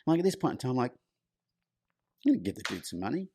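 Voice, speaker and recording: A man's voice: mid-range voice, very animated, fast talker, warm tone, slight background noise. A middle-aged man, a horse clinician, telling a long personal story in a loose, chatty way as a podcast guest. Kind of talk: storytelling in conversation.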